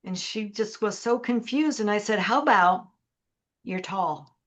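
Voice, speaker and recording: A middle-aged woman, a leadership coach appearing as a podcast guest, tells a story and acts out its dialogue. Her medium-pitched voice is expressive, a little slow, and a bit bright, captured in dull lo-fi audio.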